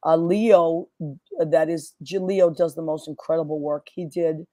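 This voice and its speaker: A woman's voice: low-pitched, unhurried, no echo. Chatty New woman host, dry sound. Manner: animated storyteller, acts out quotes. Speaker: podcast host. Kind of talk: casual chat. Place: New York.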